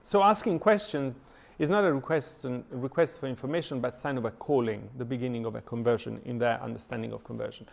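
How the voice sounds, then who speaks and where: Halting man lecturing, gravelly voice. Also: medium pitch. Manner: thoughtful, many hesitations and fillers. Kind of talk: lecture reading and analyzing a poem. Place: church lecture.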